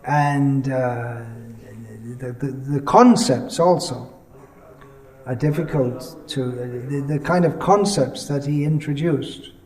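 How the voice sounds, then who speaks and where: A man giving a religious lecture as a monk, measured and explanatory, pausing often and restarting his sentences. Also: mid-range voice, a little mellow, low-quality recording. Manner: halting, many pauses and restarts.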